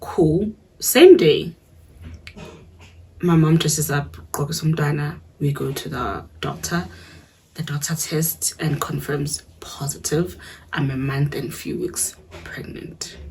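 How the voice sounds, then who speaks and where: South african woman telling a story, low and super husky, mixes english and zulu. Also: a little mellow, poor audio. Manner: switches between English and isiZulu, asks listeners to follow along. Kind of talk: casual storytime.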